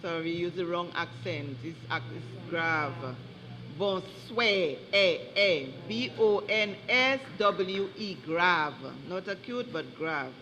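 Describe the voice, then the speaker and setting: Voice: mid-range voice, takes it slowly, sharp tone. A spelling bee pronouncer, reading each word twice and spelling out corrections carefully. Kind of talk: reading out words at a competition. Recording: echoey hall, faint background noise.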